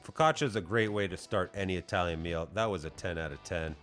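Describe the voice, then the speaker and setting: A man's voice: deep voice, quick pace, fairly bright tone. A man reviewing food in a casual vlog, blunt and profane, mocking himself as he rates each dish. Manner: profane, blunt, self-deprecating. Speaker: food vlogger. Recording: music playing underneath.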